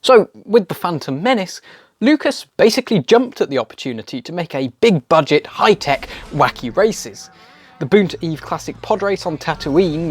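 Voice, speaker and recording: A man narrating a scripted video essay in a wry, opinionated way. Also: a little high.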